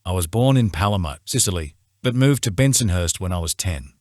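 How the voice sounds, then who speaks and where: A cool young man who answers everything calmly and casually, never rattled, as a male narrator voices him. He speaks low in a close, dry recording. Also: a little fast, no room sound. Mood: casual, unfazed. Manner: casual, calm, unfazed.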